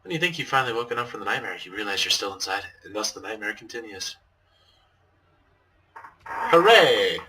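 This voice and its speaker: A man's voice: on the low side, rapid-fire, few pauses, bright, forceful tone, slight background noise. A man reading a visual novel aloud and narrating its story. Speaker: game narrator and voice reader.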